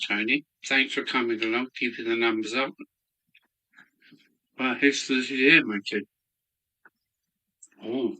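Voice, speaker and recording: A man's voice: mid-range voice, fairly even intonation, slow, pauses often, pushed and bright. A man hosting a casual live stream from his hobby room, chatting and greeting viewers by name while snacking. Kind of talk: casual chat while eating.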